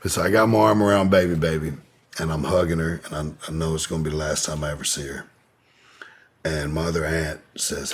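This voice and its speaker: A man's voice: a bass voice, flat delivery, a little fast, slightly rough. A man telling a personal story in an interview, in a laid-back, rambling way, with lots of "you know". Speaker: podcast guest.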